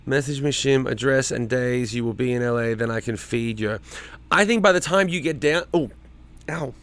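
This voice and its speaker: This streamer chats casually from home, reading out comments, calling viewers by name and cursing without restraint. He speaks at medium pitch and normal speed, with a slightly bright, smooth voice.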